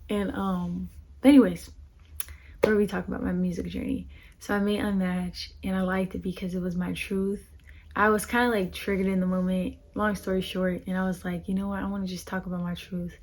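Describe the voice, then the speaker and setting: A woman's voice: medium pitch, flat delivery, brisk, darkish tone, slight background noise. A young woman musician talking casually and earnestly about her music, rambling with lots of fillers. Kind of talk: casual heartfelt talk to camera.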